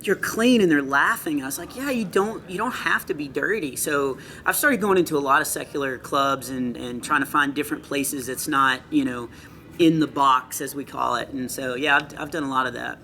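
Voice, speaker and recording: A middle-aged male comedian chatting in an interview, telling earnest stories with quick asides. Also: mid-range voice, fairly even intonation, creaky, sharp tone, slight background noise. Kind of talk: casual interview chat. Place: comedy club after a show.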